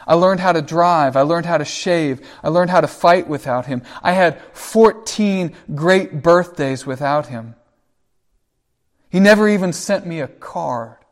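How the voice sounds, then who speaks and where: A man's voice: fairly high pitch, measured pace, natural voice. Man retelling as a hurt, defiant teen boy. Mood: bitter. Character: hurt teenage boy abandoned by his father.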